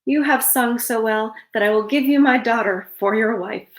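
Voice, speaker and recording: A woman's voice: on the high side, moderate pace, lightly acted. A woman voicing a stern old king in a read-aloud fairytale, speaking in a commanding manner. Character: stern old king keeping his oath.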